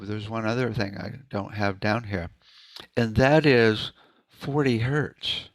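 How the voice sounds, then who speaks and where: A man of middle pitch presents in a relaxed, conversational way, often breaking into chanted syllables and hums to demonstrate. The sound is close and dry, with no room echo. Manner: loose and conversational, many "right?" asides. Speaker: presenter at a sound healing meeting. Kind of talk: informal presentation.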